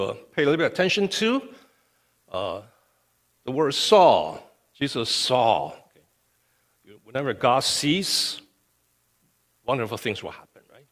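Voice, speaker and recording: A male pastor preaching a sermon with emphasis, often checking in with "okay". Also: mid-range voice. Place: church sanctuary. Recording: long reverb of a church hall.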